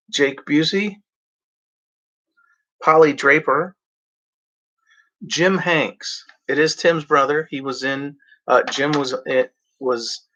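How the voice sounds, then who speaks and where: A man talking casually as a show host, halting with many fillers and restarts. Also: mid-range voice, fairly bright tone, lo-fi sound. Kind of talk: casual rambling chat.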